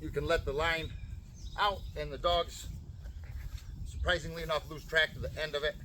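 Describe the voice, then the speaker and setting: A man with a fairly high voice calmly explains dog training outside, with faint outdoor noise around him. He walks through each step in a practical, coaching tone. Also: moderate pace. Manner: calm explaining, bursts of high excited praise to a dog.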